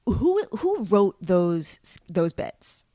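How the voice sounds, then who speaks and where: A woman's voice: mid-range voice, very animated, drawn-out words, dark tone, dry recording, clean studio sound. A woman hosting an interview podcast, asking questions with a fan's enthusiasm. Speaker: podcast host.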